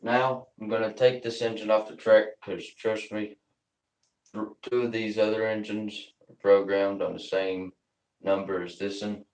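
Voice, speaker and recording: A man's voice: lowish voice, flat delivery, a little slow, a little mellow, echoey room, far from the mic, rough recording. A man casually narrating as he runs his model trains, tossing in jokey asides and nonsense words. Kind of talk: casual running commentary while operating model trains.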